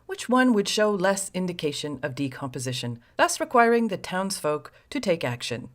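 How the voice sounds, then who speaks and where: A woman's voice: fairly low pitch, sing-song, normal speed. A woman host narrating a scripted story with sardonic, wry asides to the listener.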